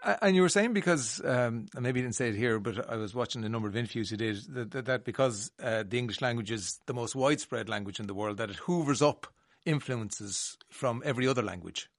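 A man from the Irish Midlands speaks with its accent as he interviews a guest. His voice has a gravelly edge and sits in a dry, close recording. He talks casually, stumbling and restarting as he works his way to each question. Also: mid-range voice, animated, fairly quick, no room sound. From Ireland. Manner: chatty, hesitant restarts.

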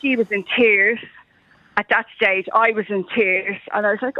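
A woman's voice: mid-range voice, fairly even intonation, moderate pace, dry recording. An Irish woman calling into a radio show, telling a story animatedly and acting out the voices in it. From Ireland. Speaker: radio caller. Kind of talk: phone-in storytelling. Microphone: telephone. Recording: muffled phone line.

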